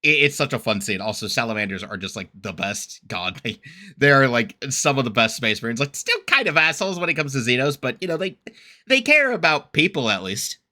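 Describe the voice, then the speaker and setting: A man reacts to a video in loose, rambling talk full of fillers and quick laughs. His voice is very bright and cutting, and his pitch swings widely as he works himself into excitable, mock-indignant rants. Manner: rambling, laughs often, heavy use of fillers. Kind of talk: casual reaction commentary.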